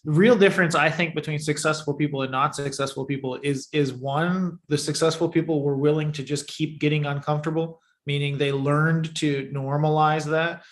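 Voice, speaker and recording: A man's voice: on the high side, steady tone, normal speed, hardly any pauses. Earnest man addressing his audience. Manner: earnest, talks straight to the audience. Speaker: podcast co-host, agency owner. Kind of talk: casual livestream chat.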